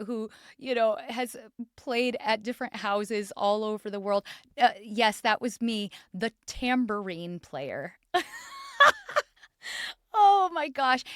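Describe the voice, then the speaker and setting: A woman's voice: a little high, fairly bright tone, clear, resonant tone, dry recording, studio quality. A middle-aged woman hosting a solo podcast, telling funny stories and laughing often as she talks. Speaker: podcast host.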